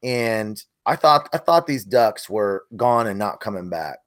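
A man's voice: fairly low pitch, lively intonation, a little slow, dry recording, clean studio sound. A middle-aged man co-hosting a casual podcast, telling a hunting story in an earnest, self-critical way. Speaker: podcast co-host, hunting video maker. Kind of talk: casual chat.

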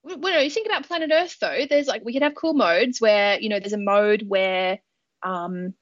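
A woman's voice: medium pitch, normal speed, no echo. Playful woman, muffled dry sound. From Australia. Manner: laughs often, swears freely, playful. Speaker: podcast co-host. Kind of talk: casual chat.

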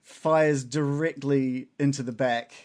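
A man narrating a tabletop game as game master, excitable and quick to laugh. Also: medium pitch.

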